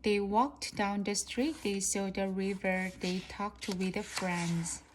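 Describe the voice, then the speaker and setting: Woman, native Korean speaker, careful storybook reader; slow pace, light hiss. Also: medium pitch, fairly even intonation. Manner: careful, practicing reader with small slips. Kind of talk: reading a children's storybook aloud.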